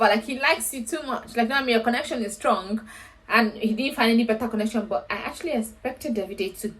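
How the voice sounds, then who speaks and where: A woman's voice: fairly high pitch, a bit bright. A woman hosting a reality show recap, chatting casually and acting out quotes in a raised voice. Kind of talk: casual commentary.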